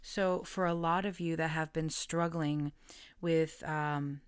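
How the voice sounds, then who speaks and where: A woman giving a casual collective tarot reading, gentle and halting with many fillers, sometimes dropping into soft whispers. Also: sits low, fairly even intonation, clear, resonant tone, no room sound. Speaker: tarot reader.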